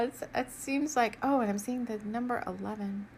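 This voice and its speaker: Reading from her own romance novel, a woman with a fairly high, slightly rough voice speaks softly, evenly and a little slowly. She pauses between passages to muse, hesitate and laugh gently as she shares a spiritual message, in her role as author and spiritual reader.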